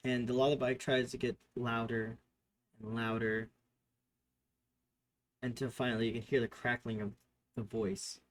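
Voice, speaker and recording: A man narrating a tabletop game as game master, describing scenes off the cuff and often correcting himself mid-sentence. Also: mid-range voice. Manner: improvised description with fillers and self-corrections.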